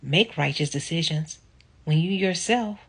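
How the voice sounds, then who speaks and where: A woman vlogger with a low, husky voice slowly tells a personal story in a casual, reflective way, growing animated when quoting others.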